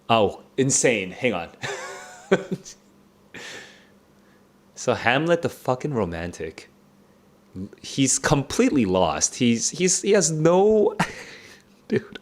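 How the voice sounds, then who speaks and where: A man streaming a casual live reaction to a play, halting and excitable, laughing often as he talks it through. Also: mid-range voice. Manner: casual slangy commentary. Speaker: book club streamer.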